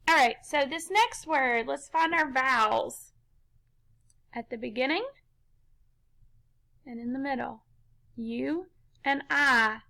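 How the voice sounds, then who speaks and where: Slow, bright-voiced woman teaching phonics. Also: on the high side, gravelly, rough recording. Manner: slow, patient, step-by-step instruction. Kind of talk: phonics lesson for children.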